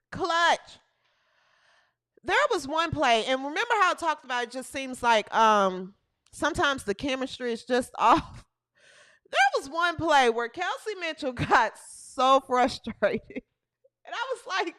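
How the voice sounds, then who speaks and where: Woman, host, comedic highlight commentary, high voice, very animated delivery, laughing, repeats lines for emphasis. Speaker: host of a women's basketball comedy show.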